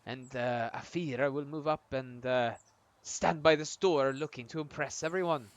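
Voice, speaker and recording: A man's voice: medium pitch, moderate pace, no room sound. A man narrating a tabletop-style video game on a live stream, chatty and self-mocking.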